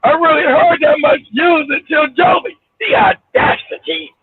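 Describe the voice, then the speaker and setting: A man chatting casually on a call, animated, laughing often and repeating himself. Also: very high voice, moderate pace, a loud crowd. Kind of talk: casual chat. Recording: tinny phone line.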